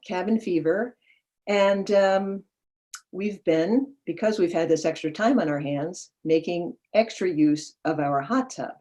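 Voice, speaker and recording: Mellow lower-voiced woman telling a story. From Vermont. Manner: easygoing, conversational. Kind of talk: personal storytelling.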